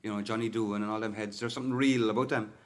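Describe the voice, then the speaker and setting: A man's voice: fairly low pitch, fairly even intonation, very fast. A middle-aged man with a Cork Irish accent, a singer-songwriter guest rambling chattily in an interview. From Cork, Ireland. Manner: rambling and chatty, full of "like" and "you know". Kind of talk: casual interview chat.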